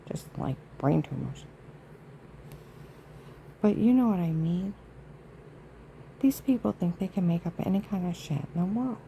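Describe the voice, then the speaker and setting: A woman rambles through an indignant, aggrieved monologue for her vlog, emphatic and full of asides. Her voice sits low and dark, with a gravelly rasp, and a faint hiss runs underneath. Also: lively intonation, measured pace, pauses often, rough recording. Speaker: vlogger.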